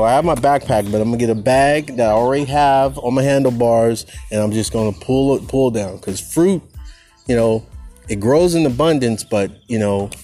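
A man hosting a podcast, recording a casual, preachy monologue outdoors on a campus. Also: medium pitch. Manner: preachy, animated, talks to listeners as people. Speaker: podcast host. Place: outdoors on a campus among trees and birds.

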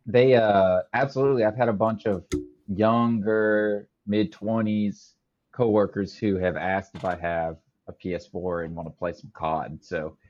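A man's voice: lowish voice, steady tone, unhurried, highs cut off. A man co-hosting a casual podcast chat, easygoing and hesitant, with many ums and restarts. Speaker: podcast co-host.

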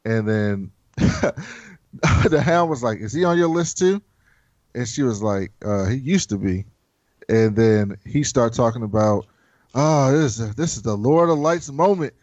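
A man's voice: medium pitch, measured pace, no echo, muffled recording. Profane man recapping a show. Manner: animated, profane, acts out characters' lines. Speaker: podcast host. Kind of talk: casual show recap chat.

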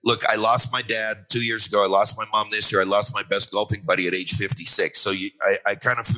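A man's voice: lowish voice, level tone, quick pace, pushed and bright, low-quality recording. An older man, a guest author, explaining retirement money in an emphatic, storytelling way with repeated refrains. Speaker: guest author on a finance show. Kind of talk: conversational interview, explanatory.

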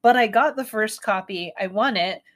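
A young woman chats on a casual podcast in an easygoing way and laughs readily. Her voice has a mid pitch. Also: normal speed, a bit bright. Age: young adult. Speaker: podcast co-host. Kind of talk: casual chat.

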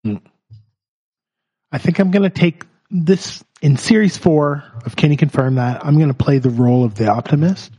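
A man's voice: a little high, moderate pace, dark tone, slightly rough, low-quality recording. A man co-hosting a podcast in casual chat, with a laid-back, wry manner. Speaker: podcast co-host.

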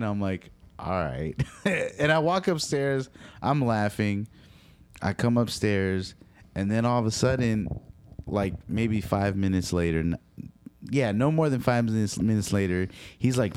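A man's voice: on the low side, unhurried, smooth, no room sound. A young man casually telling a story about noisy neighbors, swearing often and acting out the dialogue. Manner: profane, animated, quotes people in dialogue. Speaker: storyteller recounting a dispute.

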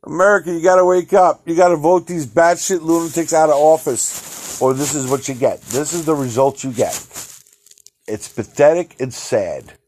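A man's voice: fairly high pitch, moderate pace, a little mellow, slight background noise. Profane, exasperated male podcast ranter. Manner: profane, exasperated, laughing ranting. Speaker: podcast host. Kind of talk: ranting solo podcast commentary.

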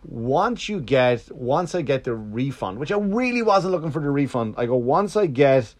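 A man's voice: mid-range voice, very animated, moderate pace. A man telling a long story in a casual, rambling monologue. He swears freely, restarts often and acts out the other side's lines. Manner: rambling and profane, with many restarts.

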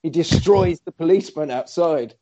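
A man excitedly recapping a horror film in casual chat, acting out the characters' lines. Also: a little high, moderate pace. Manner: animated storyteller, acts out characters' lines. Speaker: podcast co-host recapping a film. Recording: slightly dull lo-fi recording.

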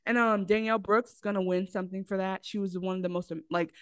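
A woman's voice: mid-range voice, quick pace, clear, resonant tone, no echo. A woman co-hosting a podcast in casual chat, telling movie plots with lots of acted quotes. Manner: animated storytelling with acted quotes. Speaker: podcast co-host.

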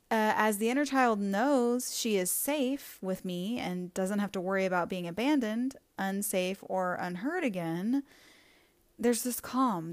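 Woman podcast host, earnest and reflective, even mid-range voice, dry recording. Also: mid-range voice, no echo. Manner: earnest, reflective, speaks in repeated lists. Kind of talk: reflective solo podcast talk.

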